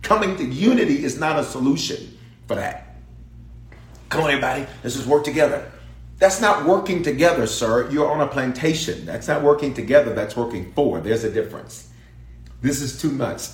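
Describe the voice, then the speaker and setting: A man preaching a sermon to a congregation, calling out to the crowd and repeating key lines, dropping to a hush and then rising to a shout. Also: medium pitch, expressive, moderate pace, echoey room. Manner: call-and-response preaching, repeating lines, shifting from hushed to shouted. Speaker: bishop preaching. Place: church sanctuary.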